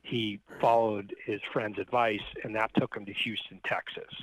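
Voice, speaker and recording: Measured, low-voiced man telling a family story. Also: level tone, fairly bright tone, no echo, low-quality recording. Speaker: podcast guest. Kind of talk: conversational storytelling.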